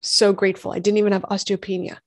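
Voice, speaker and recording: A woman, a doctor and host telling her own health story in lively conversation, acting out what others said. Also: mid-range voice, fast, no room sound, clean studio sound. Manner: animated storytelling, acts out quoted voices. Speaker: functional medicine gynecologist and podcast host.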